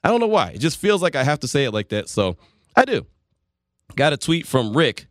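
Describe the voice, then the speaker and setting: A man's voice: medium pitch, big pitch swings, fairly quick, fairly bright tone, dry recording, studio quality. A man hosting a sports talk radio show, chatting loosely and rambling between listener messages and calls. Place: radio studio. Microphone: studio microphone.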